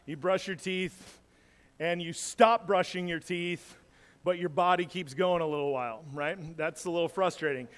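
A man's voice: fairly high pitch, moderate pace. A man preaching a casual sermon as pastor, rambling and self-deprecating, telling personal stories with lots of restarts. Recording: long hall reverb.

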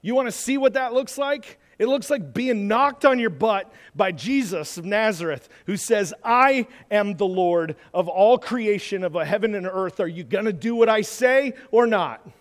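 A man preaching a sermon in an animated way, acting out the voices in the scripture he quotes. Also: high-pitched, unhurried, hardly any pauses, long reverb tail. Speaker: pastor.

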